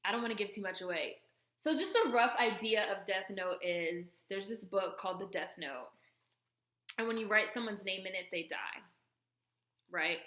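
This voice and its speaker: A woman vlogging casually as she unboxes a package, chatty and excitable, with lots of "like" fillers. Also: medium pitch, moderate pace. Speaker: YouTuber. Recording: echoey room.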